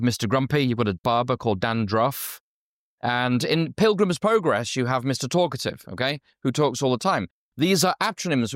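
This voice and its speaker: A man's voice: mid-range voice, no room sound, studio quality. A man from Yorkshire preaching a conversational sermon who keeps asking his listeners questions. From Yorkshire, England. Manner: conversational, asks the audience questions. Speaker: pastor.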